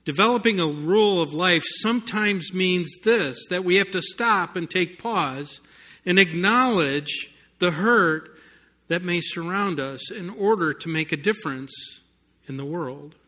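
Slow, bright-voiced male preacher. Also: high-pitched. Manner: storytelling, rising to emphatic peaks, some sarcasm. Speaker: pastor. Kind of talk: sermon.

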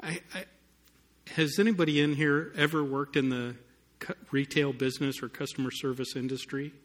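A man's voice: fairly high pitch, fairly even intonation, moderate pace. A man preaching a sermon to a congregation, telling a story and building to emphatic points, with touches of sarcasm. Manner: storytelling, rising to emphatic peaks, some sarcasm. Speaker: pastor.

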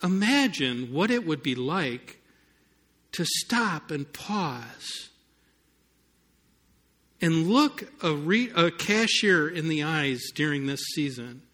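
A man's voice: fairly high pitch, fairly bright tone. A man preaching a sermon to a congregation, telling a story and building to emphatic points, with touches of sarcasm. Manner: storytelling, rising to emphatic peaks, some sarcasm. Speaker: pastor.

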